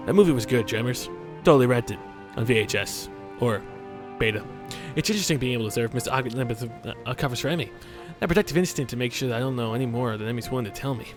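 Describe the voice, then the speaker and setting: A young man reading a visual novel aloud and joking between lines, rambling and swearing. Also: medium pitch. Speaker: let's play host. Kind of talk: game commentary and reading aloud. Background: game music.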